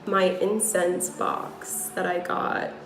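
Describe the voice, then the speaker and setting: A woman's voice: on the low side, flat delivery, takes it slowly, reverberant, music in the background, low-quality recording. A woman with a New York accent, livestreaming from her room as a tarot reader, rambling to her viewers with many fillers. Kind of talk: casual livestream chat. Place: room at home.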